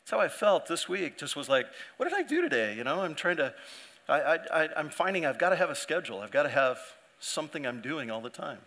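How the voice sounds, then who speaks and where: A man's voice: on the high side, a little fast, pushed and bright. A male pastor preaching a sermon in a conversational way, often restarting his sentences and acting out the people he quotes.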